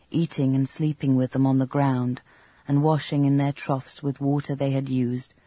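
A man reading a novel aloud as an audiobook narrator, in a measured, even storytelling manner. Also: medium pitch, breathy edge, no echo, highs cut off. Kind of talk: scripted narration.

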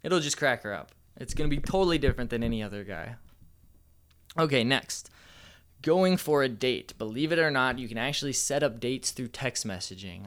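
A man's voice: medium pitch, fairly bright tone, clean tone. A man giving casual, playful dating advice as a coach, with a slightly cocky manner.

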